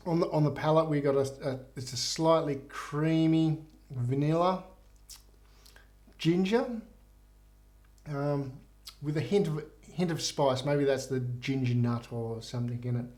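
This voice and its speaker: A man's voice: fairly high pitch, measured pace, pauses often, darkish tone. A man reviewing whisky in a loose, rambling, casual way, swearing freely. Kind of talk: casual joke-telling and review.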